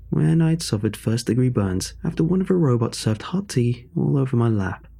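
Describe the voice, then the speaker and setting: Guy reading a creepy story, dark mellow tone, bit husky, soft music behind. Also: medium pitch. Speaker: narrator. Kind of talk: horror story narration.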